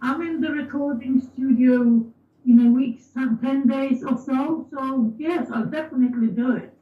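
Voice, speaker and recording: A woman musician being interviewed, polite and a little hesitant, with a slightly rough-edged voice. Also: high-pitched, unhurried. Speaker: musician guest. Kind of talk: interview over a phone line. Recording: tinny, echoey phone line from far off.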